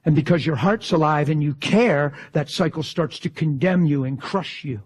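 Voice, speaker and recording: A male preacher delivering a fervent sermon in a husky voice, swinging from exclamations down to hushed whispers. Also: fairly high pitch, moderate pace.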